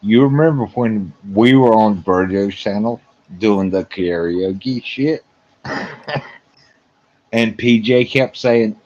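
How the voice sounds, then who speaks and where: Man, low voice, slow and lively, joking co-host, muffled lo-fi audio. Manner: slow, laughs often, swears casually. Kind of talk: casual chat.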